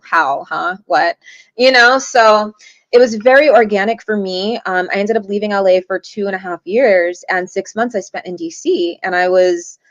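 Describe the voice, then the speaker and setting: A woman speaks as a guest in an interview, telling her stories at a mid pitch. She brings the people in them to life by doing their voices. The audio is muffled and lo-fi, like a video call. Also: no room sound. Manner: lively, acts out quoted voices. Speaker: guest, shaman and tarot reader. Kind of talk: interview storytelling. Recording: dull lo-fi audio.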